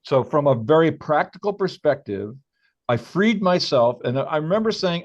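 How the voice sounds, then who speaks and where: A man hosting a podcast, speaking reflectively and haltingly with many restarts. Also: on the high side, expressive. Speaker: podcast host. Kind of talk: podcast conversation. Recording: dull lo-fi sound.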